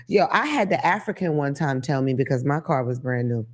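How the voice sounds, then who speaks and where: A woman hosting a casual monologue, telling stories in a profane, animated way and acting out quotes. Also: extremely low pitch, fairly quick, hardly any pauses, soft background music. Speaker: host.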